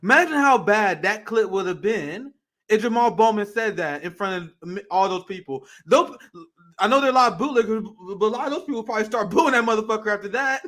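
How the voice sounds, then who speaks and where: A man's voice: sits high, expressive, fairly quick, a bit bright. A man co-hosting a casual podcast chat, blunt and profane in his commentary.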